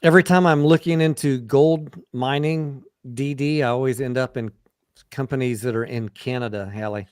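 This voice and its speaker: A man's voice: medium pitch, fairly even intonation, normal speed, a little mellow, clean tone, dry recording, studio quality. Tired, swearing livestream host man. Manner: profane, joking, reads viewer comments aloud. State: tired late at night. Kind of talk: late-night casual chat with guests. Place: home in Texas.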